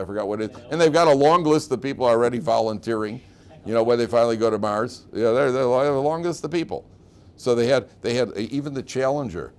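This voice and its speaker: A middle-aged rabbi lectures his class in a low, conversational voice, winding through stories and repeating his phrases. He keeps checking in with the room. A faint noise sits under the recording. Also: darkish tone. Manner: chatty storyteller, repeats phrases, asks the class questions.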